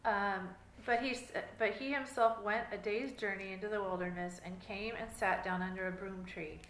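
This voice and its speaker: A woman reads scripture aloud in a steady, plain way during an online church service. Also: medium pitch, normal speed, roomy sound, poor audio. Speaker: scripture reader.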